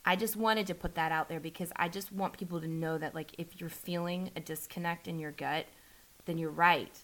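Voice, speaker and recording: A woman talking candidly in a casual conversation, restarting often and acting out quoted lines with a lifted voice. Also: moderate pace. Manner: animated, acts out quotes with rising pitch, restarts often.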